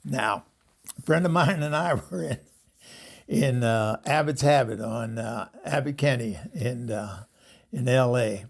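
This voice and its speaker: Speaking at a measured pace in a gravelly, mid-range voice, the older host rambles through casual stories. He laughs a lot and imitates what other people said as he tells them.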